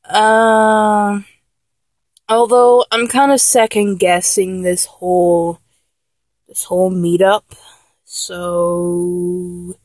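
A woman's voice: lowish voice, little pitch movement, extremely slow, pauses often, a little mellow, no room sound. A woman playing a flustered young lover who keeps trying and failing to act dominant, in a comedic audio role-play, talking in an exasperated, self-correcting way.

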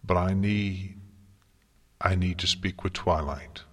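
A man's voice: low-pitched, fairly even intonation, takes it slowly, fairly bright tone, breathy edge, heavily acted. A man voicing an exhausted, irritable female pony princess who talks in curt, weary phrases. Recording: long hall reverb.

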